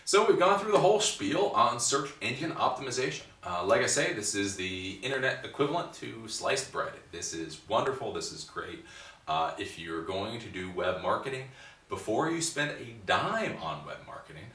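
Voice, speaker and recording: A man's voice: fairly low pitch, sing-song, normal speed, fairly bright tone. A man teaching a recorded tech class, blunt and emphatic, often repeating words as he goes. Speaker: computer instructor. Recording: roomy sound from mic distance with faint hiss.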